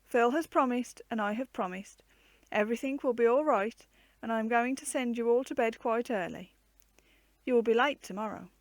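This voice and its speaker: A woman voicing a gentle but firm mother in a storybook reading, calm and reassuring. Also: a little high, moderate pace, no room sound, lightly acted.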